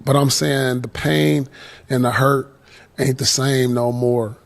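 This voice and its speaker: A man's voice: mid-range voice, little pitch movement, slow pace, creaky. A man talking about sports in a reflective, slangy way, leaning on phrases like "you know what I'm saying.". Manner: reflective, slangy, full of fillers. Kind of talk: podcast sports talk.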